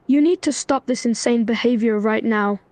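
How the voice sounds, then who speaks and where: A synthetic woman's voice reading the lines of a stern, angry young man in an even way. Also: on the high side, normal speed, dry recording, lightly acted.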